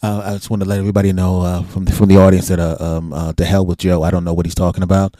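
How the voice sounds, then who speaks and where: A man's voice: deep voice, little pitch movement, racing, warm tone, no echo, clean studio sound. A man hosting a podcast, a comedian who jokes and laughs often while telling his own stories. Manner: joking, laughs often, acts out quotes. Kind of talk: casual conversation.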